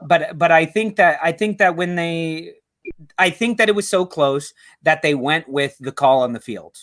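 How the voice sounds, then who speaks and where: American man, fan show host, high voice, animated, swearing, joking banter. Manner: animated, swearing, quick jokes.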